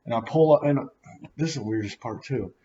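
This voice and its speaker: A man's voice: mid-range voice, fairly quick. Male storyteller, casual and slangy, acts out the other voices in bursts; slightly muffled lo-fi sound. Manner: animated, acts out quotes with sudden loud outbursts; casual slangy speech with many fillers.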